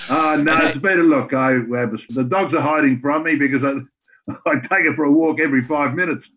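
A man's voice: fairly high pitch, pushed and bright, breathy edge, rough recording. Older Australian man spouting florid sayings. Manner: florid, full of sayings and big words. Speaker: guest. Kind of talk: casual chat on a phone line.

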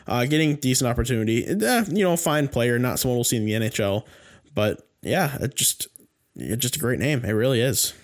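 A man's voice: medium pitch, animated, a little fast. Guy on a sports podcast, rambles and gets fired up, lots of restarts. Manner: rambling, heated, many restarts and fillers. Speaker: podcast co-host. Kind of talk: casual sports chat.

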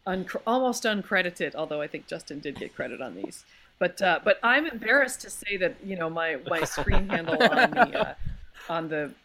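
A woman's voice: on the low side, lively intonation, normal speed, a bit bright, a little hiss or hum. A woman voice actor chatting as a podcast guest, gushing and laughing often. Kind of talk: casual podcast chat.

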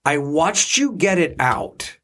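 A man co-hosting a casual podcast who vents in an exasperated, animated way. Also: fairly high pitch, takes it slowly. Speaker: podcast co-host, parent. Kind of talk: casual chat.

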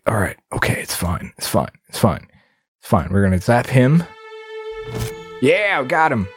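Profane, excitable male gamer. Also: mid-range voice. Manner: excitable, swearing freely, frustrated outbursts. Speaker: gamer playing a video game. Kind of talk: let's play commentary.

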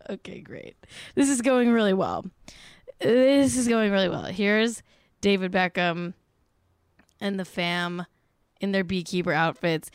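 A woman's voice: medium pitch, dry recording. Young woman podcast host, casual celeb-gossip chatter, self-deprecating and a bit profane, close dry recording. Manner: chatty, self-mocking, swears, lots of "like".

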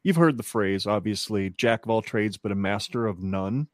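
A man with a lowish voice puts his questions casually to his co-host on a sports podcast. It is recorded dry and close to the mic. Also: normal speed, no room sound.

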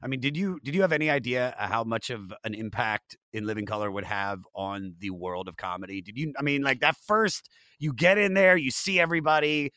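A man's voice: mid-range voice, fairly quick, pushed and bright, no room sound. A man hosting a casual interview, asking questions eagerly. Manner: enthusiastic questioning. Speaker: interviewer host.

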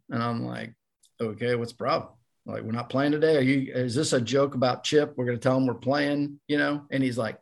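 Gravelly older man telling a story. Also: medium pitch. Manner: animated storyteller, acts out quoted voices. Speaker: podcast guest, former ballplayer. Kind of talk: casual storytelling.

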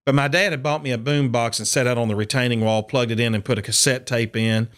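Animated man telling a story. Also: mid-range voice, fast, clear, resonant tone. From Upper Cumberland, Tennessee. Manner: animated storyteller acting out quotes. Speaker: country and bluegrass singer, guest. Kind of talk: storytelling interview.

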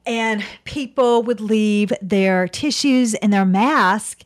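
A woman's voice: medium pitch, slow, no room sound, clean studio sound. A woman co-hosting a casual chat show, chatty and laughing often as she tells stories. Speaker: podcast co-host.

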